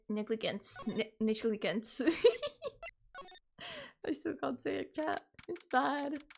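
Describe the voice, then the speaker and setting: A woman's voice: on the high side, gravelly, slight background noise. A woman streaming a game, reading its text aloud and joking with her chat. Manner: chatty, jokey, talks to chat.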